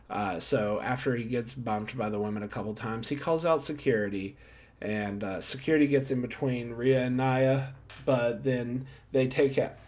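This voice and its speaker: A man talks through a wrestling episode recap in an easygoing, off-the-cuff way. He wanders into side thoughts and corrects himself, then hands out star ratings. His voice sits at an ordinary middle pitch. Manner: rambling, self-correcting, jokey asides. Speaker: wrestling show reviewer. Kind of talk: casual recap commentary.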